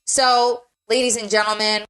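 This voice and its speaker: A woman's voice: fairly high pitch, flat delivery, normal speed, fairly bright tone, clear, resonant tone, faint music behind. A young woman hosting a podcast in casual chat, upbeat and steering the conversation from topic to topic. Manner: upbeat, steers the talk with segment questions. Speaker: podcast host.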